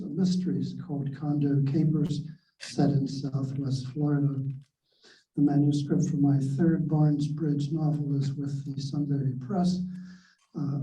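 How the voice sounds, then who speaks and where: Male poet, fairly high voice, unhurried measured reading, roomy distant library pickup. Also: mellow. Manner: slow, measured reading with small self-deprecating laughs. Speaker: poet reading his own work. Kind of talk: introduction and poetry reading. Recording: echoey and distant, dull sound.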